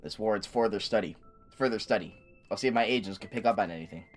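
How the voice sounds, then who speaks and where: A man voicing a gruff, blustery old male pirate in a slow drawl while reading game dialogue. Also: lowish voice, faint music behind, pitched below the performer's own voice, close to an everyday voice. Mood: puzzled.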